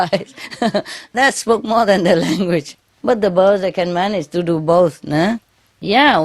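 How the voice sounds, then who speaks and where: A woman with a low voice gives an informal spiritual talk to her followers. She is chatty and laughs often, tags her phrases with "yeah?", and speaks English as a second language with many fillers and restarts. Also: creaky. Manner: non-native English grammar, frequent fillers and restarts. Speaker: spiritual teacher.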